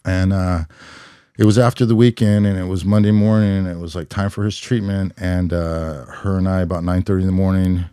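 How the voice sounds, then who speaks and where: A middle-aged man from California looks back on his life as a podcast guest, thoughtful and in no rush, leaning on "you know" as he talks. His voice is deep and mellow. The recording is dry and close. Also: flat delivery, smooth, no echo. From California, USA. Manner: reflective, unhurried, many "you know" fillers. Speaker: podcast guest, former police officer. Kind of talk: conversational storytelling.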